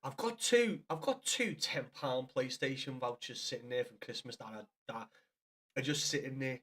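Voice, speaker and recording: A man's voice: mid-range voice, moderate pace, fairly bright tone. Guy live streaming, chatting to chat, swears a lot, calls everyone lad.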